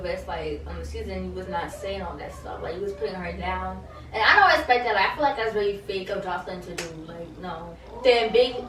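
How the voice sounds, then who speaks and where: A woman's voice: mid-range voice, slight background noise. A young woman recapping a reality show in a casual, slangy, chatty way, often quoting the cast. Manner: chatty, slangy, confused asides, quotes cast members. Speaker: reality TV reviewer. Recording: echoey room, mic at a distance.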